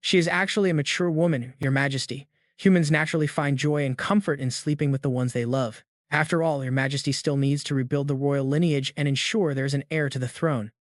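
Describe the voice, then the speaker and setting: A man voicing a calm, gentle goddess who gives frank advice, reading softly in a storybook recap. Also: medium pitch, brisk, hardly any pauses, dry recording, clean studio sound, natural voice.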